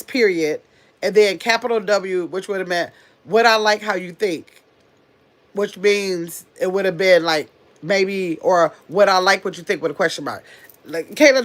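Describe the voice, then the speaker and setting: Chatty woman hosting a live stream. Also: mid-range voice. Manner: chatty and quick, reading viewer comments aloud and answering them. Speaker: livestream host. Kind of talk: casual live-stream chat with viewers.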